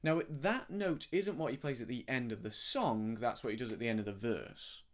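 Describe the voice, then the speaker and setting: A man in middle age teaches harmonica, talking through the notes in an easy, gentle manner. His voice sits at an ordinary middle pitch. Now and then he hums short syllables to show the sound he means. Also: normal speed. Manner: gentle, explanatory, demonstrates by humming syllables. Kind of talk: relaxed spoken music lesson.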